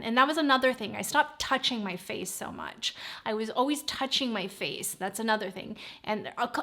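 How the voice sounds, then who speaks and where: A woman's voice: medium pitch, sharp tone. A woman in her forties, a beauty vlogger chatting casually to camera, rambling and drifting into side notes. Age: 40s.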